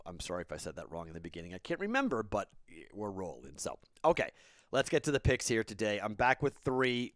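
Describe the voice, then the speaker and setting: A man's voice: on the low side, no echo, studio quality. A man in his thirties, a podcast host, telling a casual rambling story and then giving betting picks, tired and self-correcting.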